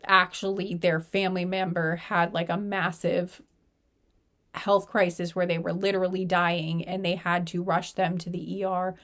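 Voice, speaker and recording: A woman's voice: lowish voice, flat delivery, moderate pace, fairly bright tone. A woman giving a casual pick-a-card tarot reading, rambling loosely with lots of "like" and "you know" as she talks. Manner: rambling, filler-heavy talk full of "like" and "you know". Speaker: tarot reader.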